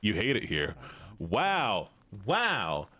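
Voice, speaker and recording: A man's voice: lowish voice, wildly swooping pitch, drawn-out words, pushed and bright. A young man streaming a game live, chatting casually and playfully, laughing often and yelping at jump scares. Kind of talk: casual live-stream commentary while gaming.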